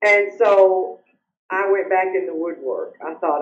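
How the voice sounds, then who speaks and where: An older woman, earnestly telling her personal story as an interview guest, sometimes halting when upset. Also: lowish voice. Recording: roomy, muffled remote audio.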